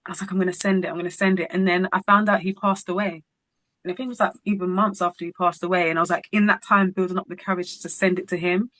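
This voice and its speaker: A woman's voice: fairly low pitch, fast, dry recording. A woman, a singer-songwriter, telling a personal story as an interview guest and acting out the dialogue as she goes. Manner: animated, acts out dialogue in her stories.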